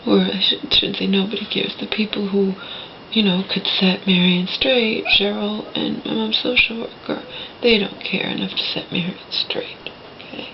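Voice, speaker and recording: A woman's voice: medium pitch, steady tone, moderate pace, creaky, highs cut off, slight background noise. A woman talking straight to her viewers from a home, rambling with many restarts and dropping into a whisper at times. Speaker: vlogger. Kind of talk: personal vlog monologue. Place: indoors at a home.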